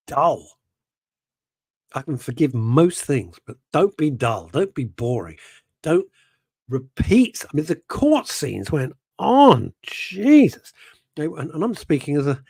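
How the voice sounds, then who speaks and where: A man's voice: a little high, darkish tone, breathy edge, no echo, studio quality. A middle-aged man hosting a radio show, chatting casually in a rambling, self-interrupting way and reading out listener messages.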